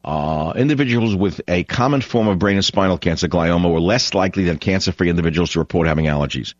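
Man, low voice, radio talk show host, blunt and rambling, dry dull broadcast sound. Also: fast, dry recording. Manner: blunt, opinionated, rambling with restarts.

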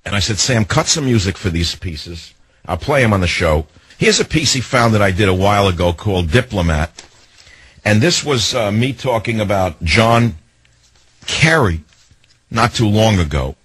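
A man's voice: lowish voice, animated, fairly bright tone, slight background noise, rough recording. An older man with a New York accent hosting a talk radio show, brash and digressive. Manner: brash, rapid-fire, digressive.

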